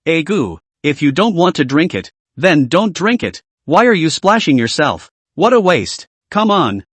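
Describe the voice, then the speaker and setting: A man's voice: on the high side, sing-song, a little slow, no echo. A man voicing a spiteful, mocking rich young woman in a recap story, taunting and sneering.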